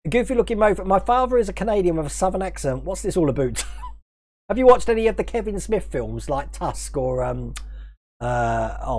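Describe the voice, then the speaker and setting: A man's voice: mid-range voice, darkish tone. A British man hosting a casual livestream, rambling, chuckling often and thanking viewers by name. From United Kingdom. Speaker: livestream host.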